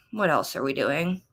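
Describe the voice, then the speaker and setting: A woman in her thirties doing an animated stand-up set from a home office over a video call, ranting and leaping into high-pitched outbursts. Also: background noise. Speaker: stand-up comedian.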